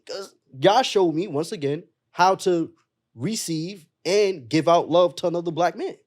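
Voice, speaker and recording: Reflective man with a higher voice. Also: expressive, darkish tone. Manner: slow, reflective, drawn-out phrasing. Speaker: podcast guest. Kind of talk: casual chat.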